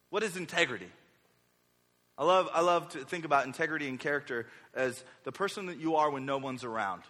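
High, bright-voiced young preacher in a hall. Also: male voice, a little fast. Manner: energetic, acts out quoted speakers with varying voices. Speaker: pastor. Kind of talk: sermon. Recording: reverberant hall.

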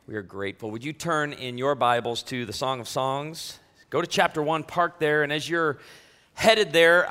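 Joking pastor, bright tone, hall echo. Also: male voice, medium pitch. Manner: joking, self-deprecating, conversational; talks directly to the congregation. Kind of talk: sermon. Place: church sanctuary.

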